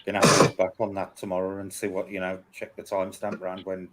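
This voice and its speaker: A man, a paranormal investigator, talks casually with his group and asks questions into the quiet. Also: low voice, monotone, quick pace. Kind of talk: casual group discussion during a spirit session.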